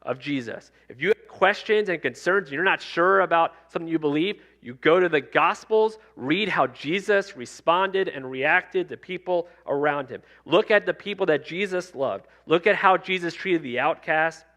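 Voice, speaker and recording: A man's voice: fairly high pitch, moderate pace, hardly any pauses, pushed and bright. A male pastor delivering a sermon in a conversational preaching style, circling back to repeated refrains. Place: church sanctuary.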